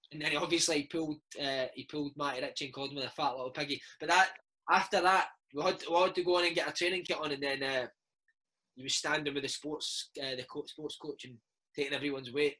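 A Scottish man in his thirties swaps football stories in a relaxed interview, his voice husky and bright. He talks with lively energy and drops "mate" and "man" into nearly every sentence. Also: a little high, fast talker, poor audio. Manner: lively, animated anecdotes peppered with "mate" and "man". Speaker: former footballer, interview guest. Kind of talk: casual storytelling interview.

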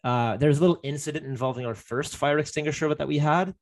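A man's voice: fairly high pitch, fast talker. Young man rambling through a story. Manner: rambling, many fillers and restarts. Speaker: guest telling a story. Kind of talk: casual chat.

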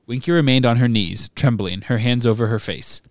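A man co-hosting a podcast, reading a novel aloud and adding quick asides. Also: mid-range voice, dry recording. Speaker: podcast host. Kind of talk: reading a book aloud and discussing it.

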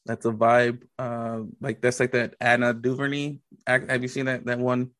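A man in his thirties co-hosting a podcast, talking casually and laid-back, with quick bits of mimicry. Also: medium pitch, completely flat delivery, fairly bright tone, no echo. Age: 30s. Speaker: podcast co-host. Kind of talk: casual chat.

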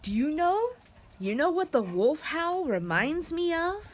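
Animated high-voiced woman hosting for kids. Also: a little slow, slight background noise. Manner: animated, sing-song, talks to the kids and her dog. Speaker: children's show host. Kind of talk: children's sing-along lesson.

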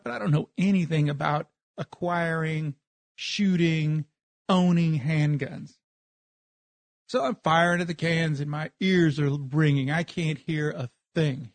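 A man recounting a personal story for a podcast in a conversational, matter-of-fact way. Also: fairly high pitch. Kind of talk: first-person spoken storytelling.

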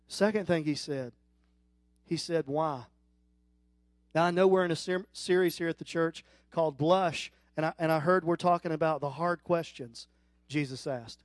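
A middle-aged man preaching with a high, bright-pitched voice, close and dry on the mic with little room sound. He tells his stories with growing energy and pushes up into loud, excited peaks. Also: no echo. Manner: storytelling, rising to loud animated peaks. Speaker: guest preacher. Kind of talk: sermon.

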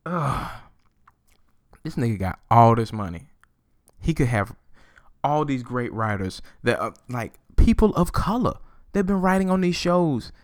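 A man hosting his own podcast, ranting solo in a profane, animated way and laughing often. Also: mid-range voice, normal speed, no echo, studio quality. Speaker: podcast host.

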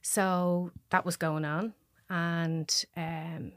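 A woman with a Dublin Irish accent, a podcast guest telling a personal story in halting, restarting sentences and voicing what others said. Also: on the low side, flat delivery, no room sound, studio quality. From Ireland. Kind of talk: personal story told in conversation.

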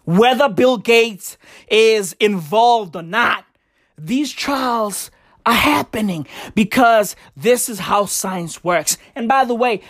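A woman's voice: fairly high pitch, no echo, clean studio sound. A woman hosting a podcast, delivering an emphatic, profane comedic rant full of repetition. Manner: emphatic, repetitive, heavy swearing. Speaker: podcast host.

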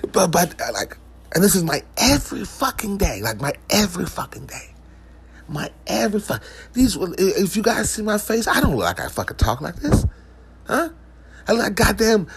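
A man's voice: fairly high pitch, husky. A man ranting to the camera in a profane comic vlog, with lots of swearing, restarts and asides. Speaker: vlogger.

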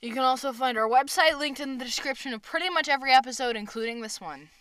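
A woman's voice: high voice, fast, a bit bright, clean tone, dry recording, poor audio. A woman co-hosting a casual podcast, giggling often and trading crude, teasing banter. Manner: giggly, laughs through her lines. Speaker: podcast co-host. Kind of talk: casual chat.

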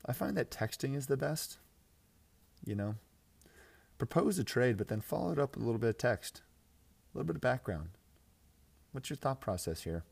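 A man's voice: medium pitch, creaky, a little mellow. A young man hosting a fantasy football podcast, ranting casually with crude jokes, swearing and lots of filler words. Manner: crude, joking, mocking, frequent laughs and filler "like"; mimics others in exaggerated voices. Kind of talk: casual profane podcast rant.

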